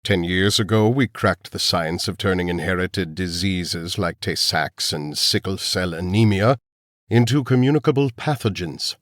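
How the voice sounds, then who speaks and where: A man's voice: on the low side, no room sound, clean studio sound, close to an everyday voice. Man putting on a cold old villain doctor. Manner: calm, menacing, slow. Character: cold elderly male villain scientist.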